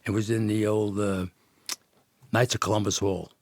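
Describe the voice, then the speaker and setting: A man's voice: fairly low pitch, little pitch movement, normal speed, dry recording. A man, a podcast guest telling rambling stories with frequent laughs and false starts. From Jersey City, New Jersey. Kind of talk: storytelling in casual conversation.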